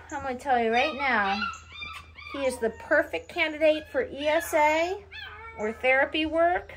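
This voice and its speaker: Breeder woman, high swooping baby-talk praise, noisy recording. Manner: sing-song baby talk to a puppy, cooing praise. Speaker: dog breeder evaluating a puppy. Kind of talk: casual running commentary to camera and a puppy. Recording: noisy background.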